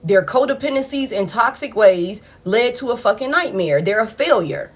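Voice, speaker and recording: A woman, giving a collective tarot reading in a blunt, profane, animated way. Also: a little high, moderate pace. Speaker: tarot reader.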